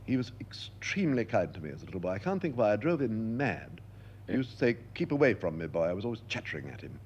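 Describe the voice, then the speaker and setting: An older man being interviewed, telling lively stories and acting out the voices he quotes. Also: lowish voice, quick pace, lo-fi sound, a little hiss or hum. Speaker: interviewed actor. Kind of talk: anecdotal interview talk.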